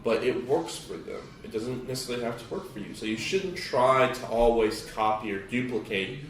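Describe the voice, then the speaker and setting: A man co-hosting a podcast in casual chat, expressive and opinionated, laughing easily. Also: medium pitch, moderate pace, echoey room, far from the mic, poor audio. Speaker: podcast co-host.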